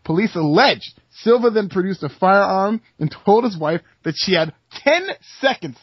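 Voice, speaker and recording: Dry lo-fi podcast co-host. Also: male voice, high voice, expressive, moderate pace, breathy edge, dry recording. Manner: recaps news, then joins in the banter. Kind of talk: casual sports podcast talk. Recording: dry, dull lo-fi podcast audio.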